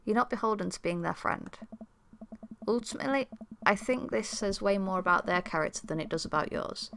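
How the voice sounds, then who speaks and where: A woman voicing a gentle single father who gives earnest, reassuring advice with a goofy streak. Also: mid-range voice, fairly quick, gravelly, no echo. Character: gentle, supportive single dad.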